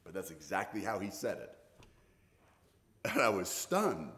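A man's voice: low voice, big pitch swings, measured pace, a bit bright. A middle-aged man preaching a sermon, telling stories in a conversational way with frequent restarts. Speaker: pastor.

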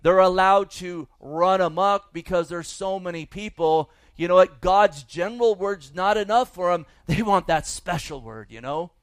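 A man's voice: high voice, a little slow, few pauses, clear, resonant tone, no room sound. A man preaching a sermon as pastor, folksy and emphatic, with asides to the congregation.

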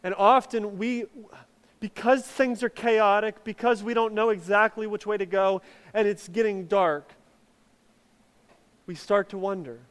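Man, pastor, sermon, high voice, smooth clear tone, chatty storytelling, drops soft at times. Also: fairly even intonation, measured pace, long reverb tail. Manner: conversational, with frequent fillers and restarts.

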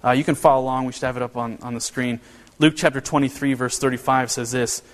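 A man preaching a sermon in a church, earnest and animated, often restarting his phrases. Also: medium pitch, fast, long reverb tail. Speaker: pastor.

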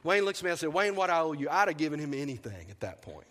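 Animated high-voiced pastor in a hall. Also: male voice, fast, hardly any pauses. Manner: animated storyteller acting out dialogue. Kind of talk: storytelling sermon. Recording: long hall reverb.

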